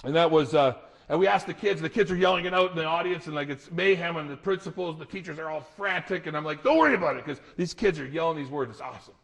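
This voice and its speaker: A middle-aged man speaks to an audience as a motivational speaker, his voice sitting a little high. He tells stories with animation and laughs along with them. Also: fast, creaky. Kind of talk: live talk to an audience.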